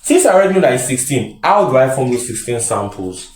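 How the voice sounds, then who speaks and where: A man's voice: medium pitch, very animated, a little fast, a little mellow. A man teaching statistics in a lecture style, repeating key phrases and answering his own questions. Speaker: statistics tutor. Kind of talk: classroom lecture. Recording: echoey room.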